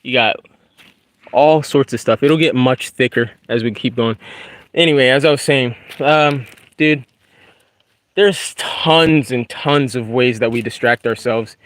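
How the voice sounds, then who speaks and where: A young man talks as he walks a wooded trail outside, loose and easygoing, dropping dude and bro into nearly every thought. His voice sits in an ordinary middle pitch, relaxed and unforced. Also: unhurried, no echo. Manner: laid-back, slangy, says dude and bro a lot. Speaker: YouTuber. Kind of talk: casual spiritual talk while walking.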